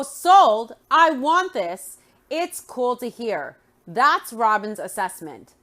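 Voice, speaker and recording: A woman's voice: a little high, fairly bright tone. A woman recapping a reality show, opinionated and sarcastic in her commentary.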